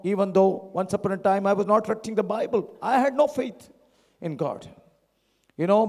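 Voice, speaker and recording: A man preaching a sermon in a church, dramatic, swinging between loud shouts and hushed tones. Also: high voice, vocal fry. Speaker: lay preacher. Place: church hall. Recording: long hall reverb.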